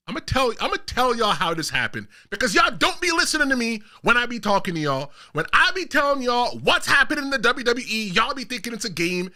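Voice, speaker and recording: A man hosting casual wrestling commentary, animated and playful, talking in street slang. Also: high voice.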